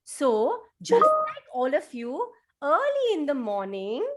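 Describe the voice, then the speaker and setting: A woman telling a story to toddlers over a video call, animated and sing-song. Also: high voice, takes it slowly, background noise. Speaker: children's storyteller.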